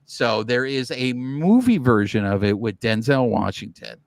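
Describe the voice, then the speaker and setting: A man's voice: medium pitch, animated, a little slow, vocal fry, dry recording. A man co-hosting a baseball podcast, chatting casually and animatedly, often restarting his sentences. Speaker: podcast co-host. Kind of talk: casual sports chat.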